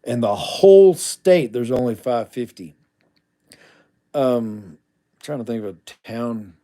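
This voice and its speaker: A man's voice: mid-range voice, expressive, slow, mellow. A middle-aged man hosting a casual livestream, reading viewer comments aloud and answering them bluntly, with asides muttered under his breath.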